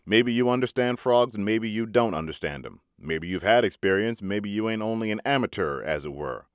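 A man's voice: on the low side, expressive, normal speed, no room sound, studio quality, close to an everyday voice. A man reading a frontier gambler who talks in a casual, folksy drawl. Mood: easy-going. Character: boastful frontier gambler, man, easygoing and proud.

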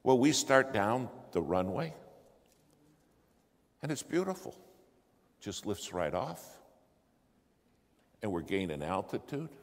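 A man telling a story in a sermon, acting out the dialogue and swinging from hushed asides to loud exclamations. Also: lowish voice, big pitch swings, takes it slowly, long pauses. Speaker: preacher telling a testimony. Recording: long hall reverb, faint ambience.

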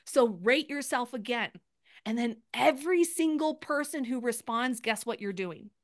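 A woman's voice: a little high, dry recording, studio quality. Upbeat woman coaching on a video call. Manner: energetic, chatty, fast restarts. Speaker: sales coach. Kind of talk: live video training call.

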